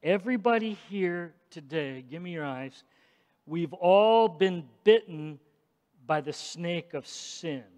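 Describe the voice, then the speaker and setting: A male pastor preaching an emphatic sermon in a church, swinging between loud declarations and hushed asides. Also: high-pitched, lively intonation, slow. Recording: long hall reverb.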